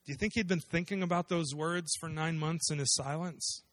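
A man preaching a conversational sermon in a voice a little higher than most men's. He walks through a scripture passage and keeps asking his listeners questions. The sound is dry, with almost no room echo. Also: steady tone, moderate pace, fairly bright tone. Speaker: pastor.

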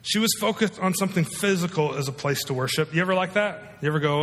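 A man's voice: high voice, fast talker, few pauses, a bit bright. A male pastor preaching a sermon in a conversational way, often asking his listeners questions. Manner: conversational, asks the audience rhetorical questions. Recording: long reverb of a large hall.

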